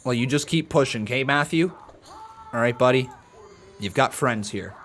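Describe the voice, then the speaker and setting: A man's voice: medium pitch, moderate pace, fairly bright tone. A man hosting a live watch-along stream in a casual, chatty way, greeting viewers by name and talking to them in an earnest, encouraging tone.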